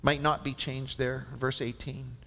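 Male preacher, sermon, impassioned, hushed whispers, gravelly voice, long hall reverb. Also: mid-range voice, flat delivery, unhurried. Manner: impassioned, frequent stammered restarts, drops to hushed whispers. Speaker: preacher at a men's conference. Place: large conference hall.

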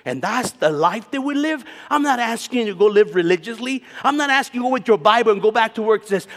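A man in his fifties preaching at a conference, telling stories with jokes and sudden shouts. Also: very high-pitched, normal speed. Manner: animated, joking, bursts into shouts. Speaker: conference speaker, Bible teacher. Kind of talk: storytelling sermon. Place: large conference hall. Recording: reverberant hall with long echo.

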